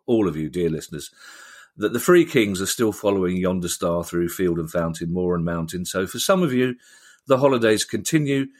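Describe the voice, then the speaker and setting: Man, low voice, wry and playful, casual podcast host. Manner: wry, playful, theatrical asides. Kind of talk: casual chat.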